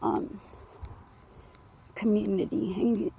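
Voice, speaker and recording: A woman out of breath, rambling and confessional as she vlogs while walking outdoors in a quiet neighborhood. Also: mid-range voice, fairly even intonation, takes it slowly, slight background noise. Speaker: vlogger. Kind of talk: casual vlog while walking. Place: outdoors, quiet residential community. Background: faint dog and insects.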